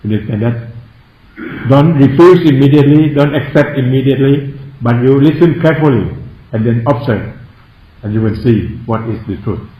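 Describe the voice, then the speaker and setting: A man who speaks Thai natively, a Buddhist monk giving a Dharma talk in non-native English, slowly questioning his listeners and repeating key phrases. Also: mid-range voice, highs cut off. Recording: echoey room.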